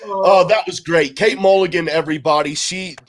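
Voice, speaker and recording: A man's voice: sits high, fairly even intonation, normal speed. A man hosting a casual podcast, friendly and loose, with plenty of "uh" fillers. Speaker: podcast host. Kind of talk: casual chat.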